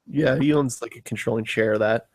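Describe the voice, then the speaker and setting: Young male co-host, mid-pitched, laid-back and swearing, quick interjections. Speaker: podcast co-host. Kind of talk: casual movie chat.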